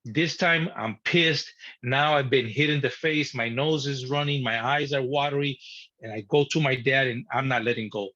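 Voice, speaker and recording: A man tells a story from his childhood with a husky voice and plenty of energy, acting out the moments and swearing freely. The sound is dull and lo-fi. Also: mid-range voice, moderate pace. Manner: animated, swearing, acting out his younger self. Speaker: guest. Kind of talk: personal storytelling.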